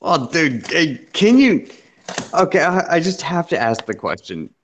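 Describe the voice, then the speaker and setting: A man's voice: a little high, sing-song, a little slow, fairly bright tone, slight background noise. A man co-hosting a casual chat show, emphatic and profane, repeating his points for effect. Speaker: podcast co-host.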